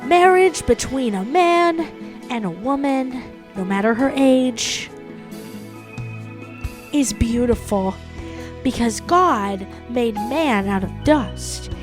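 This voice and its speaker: A smug middle-aged preacher who booms out his sermon with a pompous, rolling cadence, as a woman puts him on for a comedy podcast. His voice rides fairly high for a man and lands hard on each big word. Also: lively intonation, takes it slowly, music in the background. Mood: preachy, boastful. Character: smarmy middle-aged male preacher, boastful. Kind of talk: comedic pastor impression.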